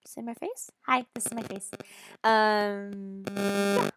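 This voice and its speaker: A woman's voice: mid-range voice, fairly even intonation, takes it slowly, a bit bright, slight background noise. A woman streaming a game, chatting casually with playful sarcasm and silly beep-boop noises.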